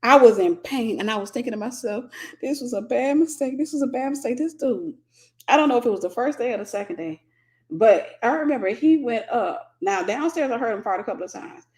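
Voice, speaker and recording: American woman, Christian teacher, humorous, animated, confessional. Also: on the high side, a little fast. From United States. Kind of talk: candid teaching talk with storytelling.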